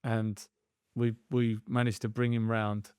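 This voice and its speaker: A man's voice: fairly low pitch, level tone, a little slow, a little mellow, smooth, no echo, clean studio sound. A man chatting candidly and self-deprecatingly on a podcast about coaching kids' football. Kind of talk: casual podcast chat.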